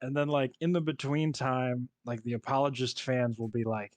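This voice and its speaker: A man's voice: mid-range voice, steady tone, normal speed, few pauses, no echo. Male co-host, sarcastic critic, dry close-miked sound. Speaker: podcast co-host. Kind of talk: casual chat recapping a TV episode.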